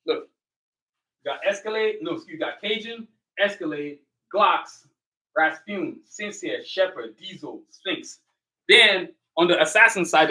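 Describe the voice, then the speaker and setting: Hosting his own livestream, this man speaks casually and directly to his viewers in a hyped, motivational, slang-heavy style. His voice is high, husky and sharp in tone, and he's also an artist.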